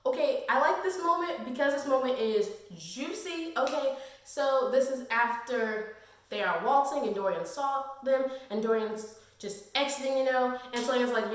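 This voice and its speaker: A woman giving a casual, gushing book review vlog, full of slang and fangirl excitement. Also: high-pitched, moderate pace. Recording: very echoey room.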